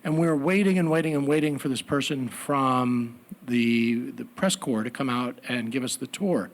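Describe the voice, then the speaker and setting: A man telling a personal story at a live story slam, animated with comic asides. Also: mid-range voice, moderate pace.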